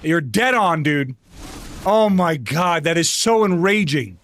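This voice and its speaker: Excitable man with a lively high voice. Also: slow pace. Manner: excitable, swings between laughing and angry outbursts. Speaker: streamer. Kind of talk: live game stream chat.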